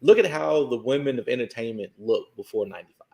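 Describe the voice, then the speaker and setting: A man's voice: medium pitch, animated, quick pace, creaky, dark tone. A man co-hosting a casual podcast discussion, arguing his points step by step. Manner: argumentative, builds points step by step.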